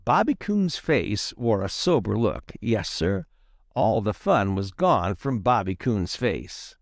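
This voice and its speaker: A man narrating a children's storybook in a lively, expressive reading style. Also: on the low side, slow, no room sound, studio quality. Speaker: audiobook narrator.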